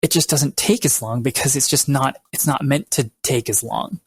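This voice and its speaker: A man's voice: mid-range voice, normal speed, slightly rough. A man co-hosting a podcast, recapping at length in a loose, rambling way with lots of fillers. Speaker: podcast co-host. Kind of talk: casual podcast chat.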